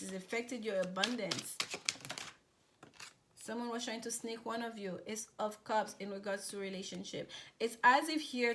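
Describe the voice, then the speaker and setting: A woman's voice: a little high, a bit bright. Chatty woman giving a tarot reading. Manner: chatty, repetitive, many fillers and restarts. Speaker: tarot reader.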